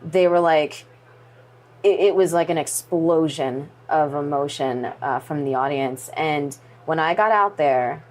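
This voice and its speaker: A woman in her thirties, a guest in an interview, telling a story in a lively way and acting out what people said. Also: low voice, measured pace. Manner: animated, acts out quoted dialogue.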